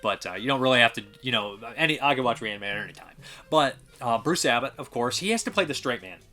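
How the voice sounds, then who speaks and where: A man's voice: mid-range voice, expressive, fast talker, bright, forceful tone, faint music behind. A man hosting a casual film review chat, enthusiastic and rambling with frequent restarts. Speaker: podcast host reviewing films.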